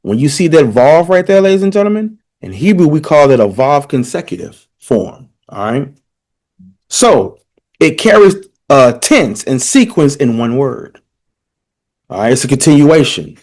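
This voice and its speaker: A man's voice: medium pitch, lively intonation, moderate pace, a little mellow. A man teaching a lesson, explaining points emphatically and checking in with his listeners as he goes. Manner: emphatic, addresses listeners directly, checks in often. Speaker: teacher presenting a language comparison. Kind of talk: lecture-style explanation.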